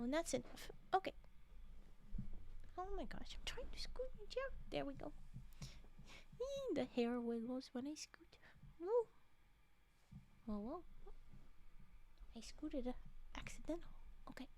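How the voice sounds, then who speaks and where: A woman streamer in casual, playful chat who rambles, stammers when flustered and often drops into a soft whisper. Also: sits high. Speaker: streamer and storyteller.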